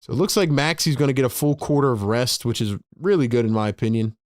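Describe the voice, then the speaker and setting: Fast-talking and quick to laugh, this fan show host calls the game play by play and reads viewer messages as he chats between plays. His voice is medium-pitched. The recording is dry, with clean studio sound.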